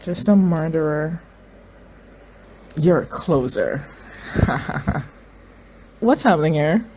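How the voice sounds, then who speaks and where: Give me a speaker doing casual commentary while watching a TV episode, excitable and quick to repeat words like "okay, okay" as the scenes unfold. The voice sits at a middling pitch, and a faint hum runs underneath. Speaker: TV reaction host.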